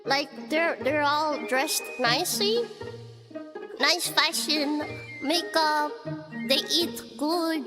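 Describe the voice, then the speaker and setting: A young woman streamer telling a story in casual chat, animated and giggly with lots of filler likes. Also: sits high, takes it slowly. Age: young adult. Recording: background music under voice.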